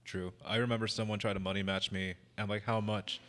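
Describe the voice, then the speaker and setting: A man's voice: lowish voice, level tone, fast talker, fairly bright tone. A man hosting a casual gamer podcast, joking bluntly with plenty of swearing.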